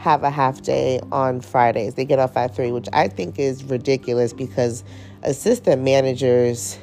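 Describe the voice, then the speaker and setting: A woman's voice: a bass voice, dark tone. A woman hosting a podcast in casual, unedited chat, talking candidly with slang and free swearing. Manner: candid, slangy, swears freely, rambling storyteller. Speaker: podcast host.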